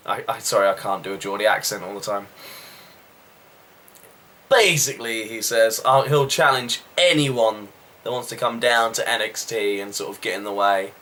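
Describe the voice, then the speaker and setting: A man recapping a wrestling show in a casual, rambling review with quick asides. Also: mid-range voice, sharp tone.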